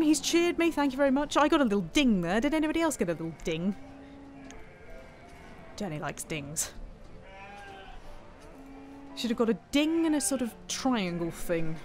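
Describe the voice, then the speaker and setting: A woman's voice: on the high side, sing-song, fairly quick, long pauses, a little mellow, soft background music. A woman, chatting playfully while streaming a city-building game live, thanking viewers and talking to herself as she plays. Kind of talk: live-stream gameplay commentary.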